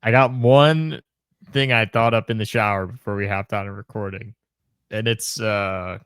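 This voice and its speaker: A man's voice: fairly low pitch, steady tone, moderate pace, a bit bright, clean tone, no room sound, studio quality. A young man co-hosting a casual sports podcast, joking in a laid-back, mumbly way. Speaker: podcast co-host.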